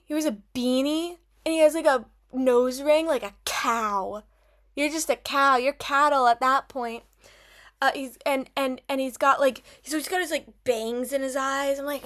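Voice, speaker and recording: A young woman ranting animatedly in a casual vlog from her dark bedroom, full of "like" fillers and exaggeration. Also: high-pitched. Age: young adult. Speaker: vlogger. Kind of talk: casual rant to camera. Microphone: built-in camera mic.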